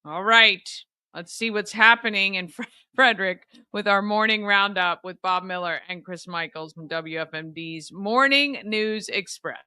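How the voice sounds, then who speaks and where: A woman's voice: mid-range voice, normal speed, sharp tone, clear, resonant tone, no room sound, studio quality. A woman hosting a local morning show, chatting casually and reading sponsor spots in an upbeat way. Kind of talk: casual chat and live sponsor reads.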